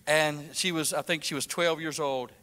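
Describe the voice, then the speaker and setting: A man preaching a fervent sermon, swinging from loud declarations to whispers and repeating his lines. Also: on the high side, fairly even intonation, normal speed, in a large hall.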